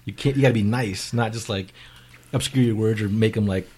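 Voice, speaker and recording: A man co-hosting a podcast in casual chat, blunt and quick to swear. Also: fairly low pitch, darkish tone, husky. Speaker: podcast co-host.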